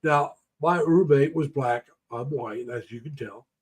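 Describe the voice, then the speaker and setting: An older man from the United States chats on his live stream in a mid-pitched, ordinary voice. He rambles through folksy memories with plenty of fillers and stops to greet viewers by name. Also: measured pace, breathy edge. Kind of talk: casual live-stream chat.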